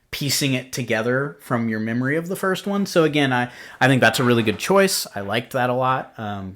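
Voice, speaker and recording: A man's voice: mid-range voice, fairly bright tone. A young adult man hosting a podcast, chatting casually through a film recap with lots of filler words and rambling asides. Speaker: podcast host. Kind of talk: casual film review chat.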